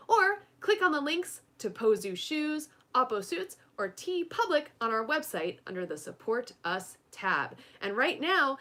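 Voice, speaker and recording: A woman co-hosting a podcast, reading sponsor messages and show plugs in a casual, upbeat way. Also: on the high side. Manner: upbeat, lively promotional delivery. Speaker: podcast co-host.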